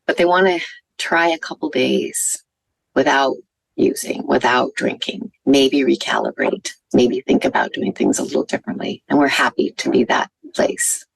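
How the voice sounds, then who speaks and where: A woman's voice: rumbling low, fairly even intonation, moderate pace, creaky, breathy edge, no echo, low-quality recording. A woman physician, giving an earnest conference talk and telling stories with some fillers. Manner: earnest, warm storytelling with fillers. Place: conference venue.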